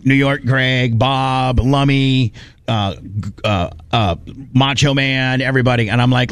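Animated man telling a story in a dry studio. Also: mid-range voice, moderate pace, no room sound. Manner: animated storyteller, quotes others in put-on voices. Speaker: podcast host. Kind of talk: casual studio chat.

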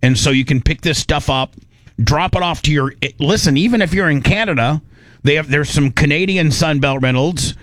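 A man's voice: a little high, moderate pace, a bit bright, no room sound. A male radio host chatting casually in a studio, rambling through his sentences with lots of restarts. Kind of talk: casual talk radio chat.

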